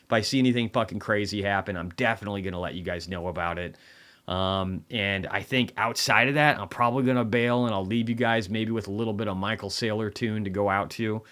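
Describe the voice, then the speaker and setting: A man's voice: on the low side, fairly even intonation, brisk, fairly bright tone. A tired man casually rambling through a market recap livestream, swearing often. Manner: profane, rambling, offhand.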